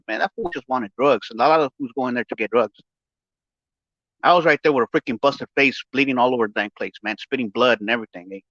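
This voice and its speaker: A male podcast host with a broken jaw and missing front teeth gives a health update in a casual, rambling monologue, mumbling with a lisp through a barely opened mouth. His medium-pitched voice sounds pushed and bright, with no echo, in a muffled, dry recording. He keeps stammering and restarting, getting profane and heated as he retells events.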